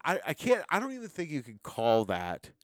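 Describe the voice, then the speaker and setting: A man's voice: fairly high pitch, wildly swooping pitch, normal speed, no echo. A man co-hosting a casual podcast, telling rambling, profane stories with lots of laughter. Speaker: podcast co-host. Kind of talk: casual chat.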